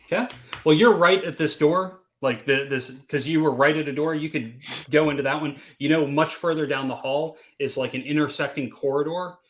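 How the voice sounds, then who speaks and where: A man's voice: a little high, normal speed, a bit bright. A man narrating as game master in a tabletop role-playing session, casual and full of fillers.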